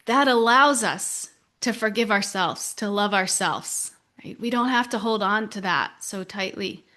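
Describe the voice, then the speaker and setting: A woman's voice: mid-range voice, unhurried, pushed and bright. A woman leading a spiritual podcast discussion, talking in a reflective, encouraging way with frequent fillers. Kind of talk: casual group discussion.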